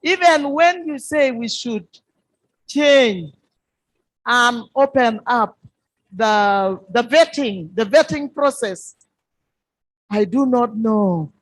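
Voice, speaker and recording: Impassioned high-voiced woman. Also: lively intonation, takes it slowly, pauses often, no echo, low-quality recording. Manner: impassioned, repeats phrases for emphasis. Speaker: member of parliament. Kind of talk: workshop floor contribution.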